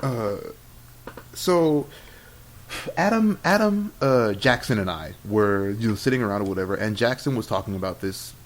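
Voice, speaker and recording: A young Texan man co-hosts a casual podcast, his fairly low voice animated at a moderate pace as he rambles through a story full of laughter and quoted dialogue. It's an amateur recording with audible noise.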